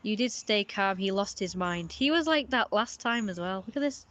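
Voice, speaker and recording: A woman's voice: medium pitch, expressive, moderate pace, fairly bright tone, highs cut off, a little hiss or hum. A woman giving casual live-stream commentary, rambling and often repeating herself with filler words.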